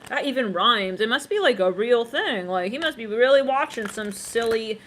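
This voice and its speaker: Animated and a bit bright, a woman's fairly high voice moves at a moderate pace through a casual tarot reading. Talking directly to viewers, she rambles chattily, laughs frequently, and hums snippets of songs, with slight background noise behind her.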